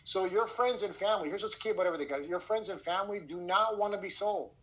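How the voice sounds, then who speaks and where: Guy running a sales training over a video call, kinda high voice, lively storyteller, keeps saying okay. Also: fast talker, lo-fi sound. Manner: energetic storytelling, frequent "okay?" check-ins. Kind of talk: online training lesson.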